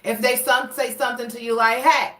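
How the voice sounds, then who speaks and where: A woman's voice: fairly high pitch, flat delivery, brisk, sharp tone. A woman giving a casual tarot reading, rambling and restarting as she searches for words. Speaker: tarot reader. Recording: echoey room, voice a bit far from mic.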